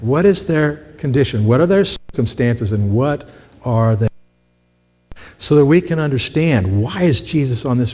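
A man's voice: medium pitch, a little mellow, in a large hall. A man preaching a sermon in a conversational way, often asking the congregation questions. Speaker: pastor.

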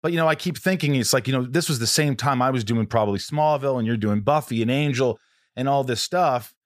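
A man's voice: mid-range voice, fast talker, dry recording, clean studio sound. A man hosting a podcast interview, talking in a rambling, casual way, often restarting his sentences and swearing now and then. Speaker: podcast host.

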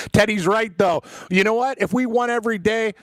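A man co-hosting a sports betting show, excitable and joking, laughing often. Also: sits high, brisk, dry recording. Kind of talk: casual sports betting chat.

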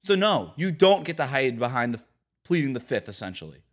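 This sports podcast host has a medium-pitched voice and talks fairly quickly with a very animated delivery. He launches into an emphatic, ranting opinion monologue, mocking quotes by putting on voices.

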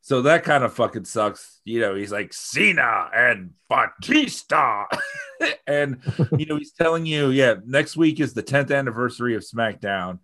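A man's voice: mid-range voice, expressive, brisk, hardly any pauses, fairly bright tone. A man co-hosting a podcast, talking in long rambling runs with casual swearing and frequent laughter. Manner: rambling, profane, laughs often. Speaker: podcast co-host.

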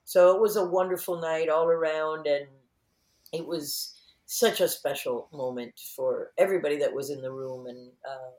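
A woman's voice: deep voice, moderate pace, reverberant. A woman guest in an interview, chatting casually and acting out quotes as she tells stories. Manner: animated storyteller, acts out quotes.

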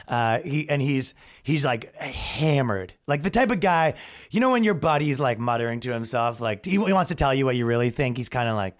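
A young man, a comedian and podcast host, telling rambling, jokey stories in a casual monologue and acting out the people he saw. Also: fairly high pitch.

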